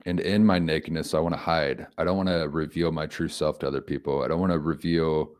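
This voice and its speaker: A man giving an informal Bible commentary, reflective and halting, thinking aloud with frequent restarts. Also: a bass voice, steady tone, a little mellow. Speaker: homily speaker.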